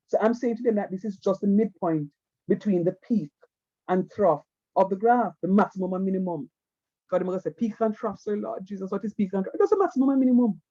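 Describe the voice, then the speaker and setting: A man's voice: sits high, mellow, highs cut off. A man, teaching math in an online class, repeating himself and coaxing students to watch. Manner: repetitive, coaxing, keeps saying "watch me".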